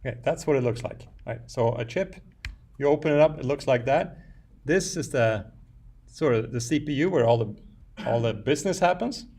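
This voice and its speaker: A man's voice: mid-range voice, animated, moderate pace, a little mellow. A man giving a university lecture, thinking aloud with frequent fillers and restarts. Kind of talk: classroom lecture. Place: lecture room.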